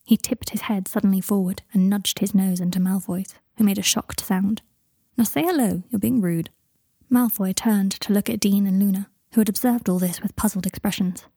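Warm, husky woman narrating a story. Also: medium pitch, steady tone, fairly quick, hardly any pauses, no echo, studio quality. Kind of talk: storybook narration of fan fiction.

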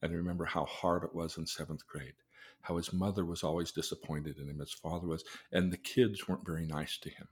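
An older man speaks in a fairly low voice, recounting a session with a client. He tells it earnestly, acting out the lines of the conversation as he goes. It sounds like a relaxed, conversational talk. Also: fairly quick. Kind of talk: storytelling in a conversation.

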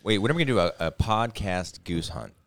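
Deep-voiced wisecracking man. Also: animated, fast, no room sound. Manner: wisecracking, teasing. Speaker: podcast co-host. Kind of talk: casual chat.

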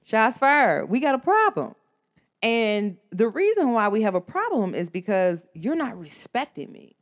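A woman rants to her audience in a casual, conversational monologue. She talks in an emphatic, slangy way and speaks straight to the listener. Her pitch swings widely as she makes her points. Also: big pitch swings, a little slow. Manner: emphatic, slangy and conversational, addresses viewers directly. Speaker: vlogger.

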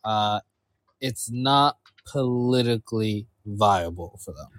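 A young man co-hosting a podcast, speaking in a measured, hesitant way, chuckling and rephrasing as he goes. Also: lowish voice, fairly bright tone, no room sound. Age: young adult. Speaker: podcast co-host. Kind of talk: casual podcast talk.

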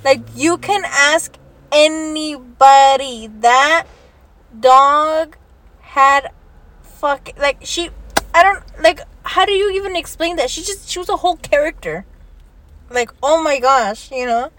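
Young woman, high voice, dry close sound, casual chat, laughing, swearing, Spanish words mixed in. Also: slow pace, a bit bright, no echo. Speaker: vlogger.

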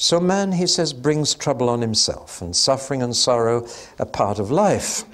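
A man's voice: medium pitch, expressive, moderate pace. Guy teaching a bible passage, chatty, dry little asides, asks the room questions. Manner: conversational, with wry asides and rhetorical questions.

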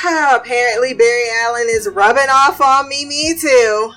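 A woman's voice: high-pitched, normal speed, few pauses, sharp tone, soft background music. A woman co-host responding in casual chat, teasing and laughing. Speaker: podcast co-host.

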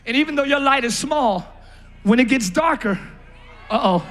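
Shouting often to his congregation, a male pastor gives a spirited, playful sermon in a large church, speaking at normal speed in a very high-pitched voice.

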